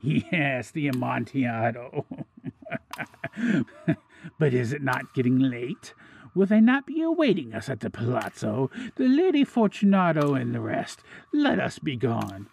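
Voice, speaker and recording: A man voicing a drunken nobleman chained in a niche, laughing and pleading in a higher, breathy voice. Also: slow pace, pauses often, full character voice. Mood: nervous laughing.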